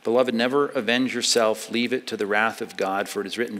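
Bright-voiced man preaching in a reverberant hall. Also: fairly even intonation, brisk, few pauses. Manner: preaching with swings from loud emphasis to hushed, low delivery. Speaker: pastor. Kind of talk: sermon.

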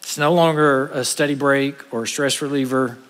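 A man, a pastor preaching an earnest sermon to his congregation, trading quick asides for slow, stressed points. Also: mid-range voice, steady tone, a bit bright, big-room sound. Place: church sanctuary.

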